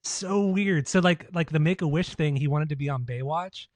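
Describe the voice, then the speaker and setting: Casual man on a podcast, slightly high voice. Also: moderate pace, a little mellow, no room sound. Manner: rambling, laughs often, heavy use of "like". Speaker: podcast co-host.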